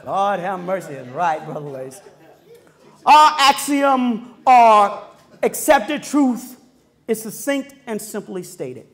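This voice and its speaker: A man preaching a sermon, emphatic and building to shouts, drawing call-and-response from the congregation. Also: high voice, animated, slow pace.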